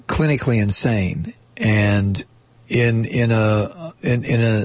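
Talk radio host guy, husky lowish voice, dry studio sound, kinda halting and thinking out loud. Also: dry recording. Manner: halting, musing, with many fillers and restarts.

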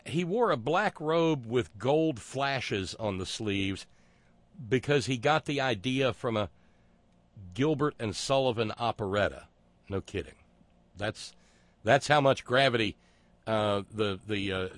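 A man with a lowish voice holds forth in a loose monologue, trailing off and restarting as he goes. His sarcasm is dry, and the recording sits close and dry, with no room around it. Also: animated, dry recording. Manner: sarcastic, digressive, with halting restarts. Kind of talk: casual monologue.

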